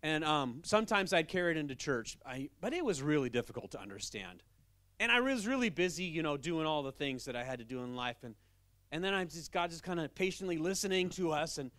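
A pastor preaching a sermon with a fairly high man's voice. His delivery is animated and conversational, and he drives points home with emphasis. The recording is dry and close. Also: a little fast, no echo.

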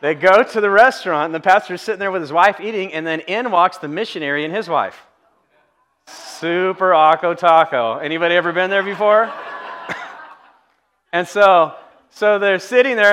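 A man's voice: sits high, fairly bright tone. A pastor giving a casual, humorous sermon to his congregation, acting out the people in his stories. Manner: conversational and humorous, acts out quoted voices. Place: church sanctuary.

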